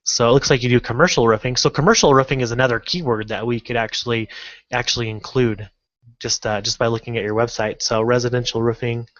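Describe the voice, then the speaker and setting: A man walks through a tutorial in an easy, halting way, stopping often to restart. His voice sits at a middle pitch. The sound is dry and dull, like a cheap desk mic recording. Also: steady tone, fairly bright tone, no room sound. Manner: casual, halting, many fillers and restarts. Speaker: online marketing instructor. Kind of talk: screen-recorded tutorial walkthrough.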